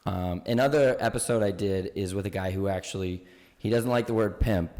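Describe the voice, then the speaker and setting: Animated male storyteller, casual chat. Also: sits low, fairly quick, big-room sound. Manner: animated storyteller, acts out quoted voices. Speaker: podcast guest, local history storyteller.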